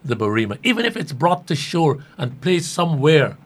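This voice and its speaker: Male host, earnest and leading with his questions, kinda high voice. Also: sing-song, moderate pace, breathy edge. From Guyana. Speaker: radio host. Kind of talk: interview.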